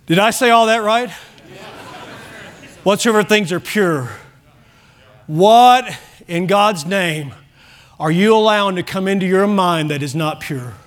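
A man's voice: high voice, measured pace, long pauses. A man preaching a sermon as pastor, pressing his congregation with emphatic rhetorical questions. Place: church sanctuary.

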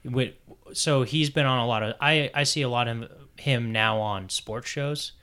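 Casting: mid-pitched man, eager explainer in relaxed conversation. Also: moderate pace, clear, resonant tone. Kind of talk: casual podcast chat.

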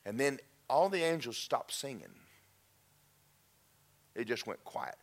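A male preacher delivers a heartfelt testimony to his congregation. His voice sits at an ordinary pitch but ranges widely, falling to hushed, almost whispered phrases and then lifting loud with conviction. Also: very animated, slow pace. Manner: emotional testimony, dropping to near-whispers then rising loud. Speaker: pastor. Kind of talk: sermon.

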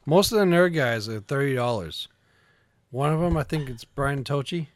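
A man's voice: mid-range voice, expressive, moderate pace. A man chatting casually, laid-back and hesitant, with many fillers and frequent laughs. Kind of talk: casual chat.

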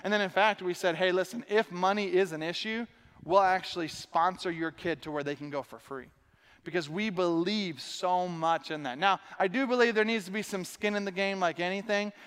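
A pastor preaching a sermon to his congregation, animated and acting out the voices of the people he quotes. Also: high-pitched, clean tone. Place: large church hall. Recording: long reverb of a large hall.

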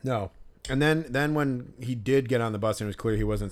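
A man's voice: mid-range voice, fairly quick. Rambling man on a casual podcast. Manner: rambling, with lots of fillers and restarts; mimics other fans in a raised voice. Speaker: podcast co-host. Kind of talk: casual chat.

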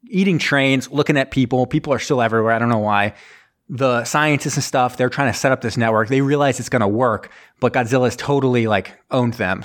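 Podcast co-host, male, mid pitch; loose, profane, breathless recap with quick character voices. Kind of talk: rapid casual movie recap.

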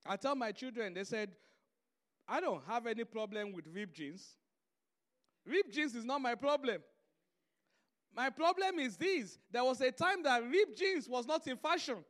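A man's voice: very high-pitched, animated, unhurried, long pauses, a bit bright. A man preaching a sermon, telling stories and driving his points home through emphatic repetition.

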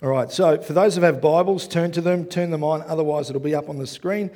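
A man preaching a sermon, opening with prayer, then speaking in an animated, emphatic way, repeating phrases for effect. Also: fairly high pitch, brisk. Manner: animated, emphatic, repeats himself and acts out quotes.

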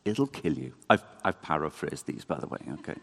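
A man giving a conversational, animated sermon in a church. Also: extremely low pitch, fairly quick, gravelly, breathy edge. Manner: conversational, animated, self-deprecating. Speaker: preacher.

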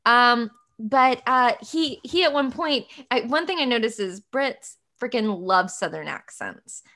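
Woman host from the south, fairly high voice, chatty and lively storyteller. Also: unhurried. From American South. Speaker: podcast host. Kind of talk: casual conversation.

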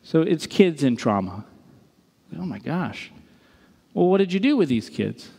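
A man in his thirties, a pastor preaching a sermon, telling stories in an animated way and acting out the people in them. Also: a little high, moderate pace, vocal fry, slightly rough. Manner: animated storytelling with quoted voices. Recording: reverberant hall.

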